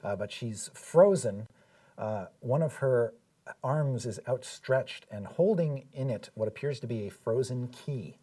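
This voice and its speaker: A man serves as dungeon master, narrating a frozen scene in a steady, descriptive way with plenty of fillers. His voice is husky and middle-pitched. He sits a little back from the microphone. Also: distant mic. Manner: descriptive, measured, frequent uh fillers. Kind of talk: narrating a live tabletop game.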